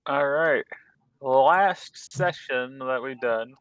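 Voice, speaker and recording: Slow, bright-voiced man running a game. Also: mid-range voice, clean tone, poor audio. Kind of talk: casual game chat.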